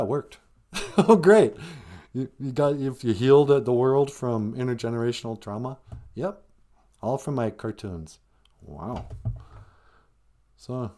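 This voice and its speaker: A man from Minnesota hosting a comedic live stream, rambling and halting with a dry, self-mocking humor. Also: mid-range voice, darkish tone. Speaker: host of a language comedy show.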